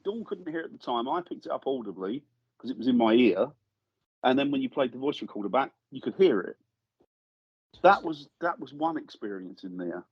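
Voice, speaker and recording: A man, a guest paranormal investigator, telling a lively story in casual chat and acting out the voices he quotes. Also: medium pitch, slightly rough, dry recording, dull audio. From England. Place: studio.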